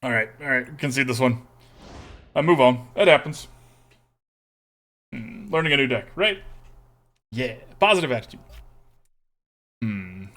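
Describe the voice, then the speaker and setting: A man's voice: mid-range voice, lively intonation, measured pace, long pauses, a bit bright. A young man streaming a card game, thinking aloud and humming to himself as he weighs each play. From Texas. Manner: thinks aloud, mutters and hums while weighing plays.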